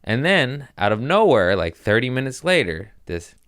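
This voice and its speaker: A young man hosting a podcast, hoarse from screaming and sore, telling comedic stories in a casual chat. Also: medium pitch, very animated, moderate pace, a bit bright, dry recording, studio quality. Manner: laughing through pain, sore and winded. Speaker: podcast host.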